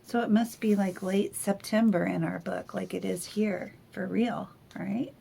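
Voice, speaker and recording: A woman reading a picture book aloud to children, gently asking them questions. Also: mid-range voice, steady tone, measured pace, gravelly, breathy edge.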